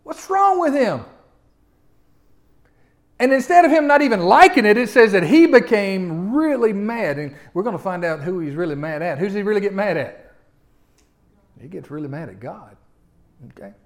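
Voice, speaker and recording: Give me an animated male preacher with a fairly high voice who keeps quizzing his listeners. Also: normal speed. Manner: animated, asks the congregation questions. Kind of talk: sermon.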